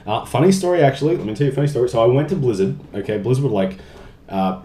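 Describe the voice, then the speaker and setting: In a vlog with roomy echo, a young man answers fan questions, reading each one out and joking in a chatty manner. His mid-range voice is mellow and expressive, and he speaks at a racing pace.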